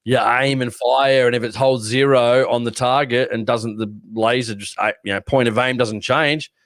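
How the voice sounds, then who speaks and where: A man's voice: mid-range voice, fairly even intonation, moderate pace, fairly bright tone, dry recording. An Australian man hosting a podcast, rambling casually through stories and laughing often. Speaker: podcast host. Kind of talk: casual chat.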